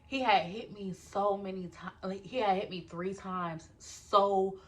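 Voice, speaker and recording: A young woman telling a personal story in a casual vlog, talking straight to her viewers, animated and swearing freely. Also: mid-range voice, measured pace.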